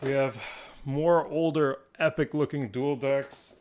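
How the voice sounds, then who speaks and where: A man hosting a live stream from a card shop, talking to viewers in an excitable, rambling way and laughing often. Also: mid-range voice, slow, slight background noise. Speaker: livestream host of a card shop.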